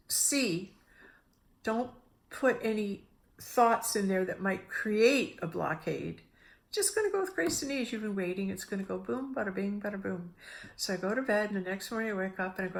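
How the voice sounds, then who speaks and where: Middle-aged woman w a gravelly edge, rambling spiritual talk, keeps restarting and doing little voices. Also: medium pitch. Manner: animated, restarts often, acts out her own inner voices. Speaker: spiritual speaker. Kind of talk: casual spiritual storytelling.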